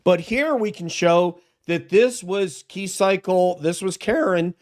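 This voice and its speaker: A man's voice: high voice, takes it slowly, a little mellow. A man talking as a guest on a live true-crime stream, emphatic and argumentative as he makes his points. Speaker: guest co-host.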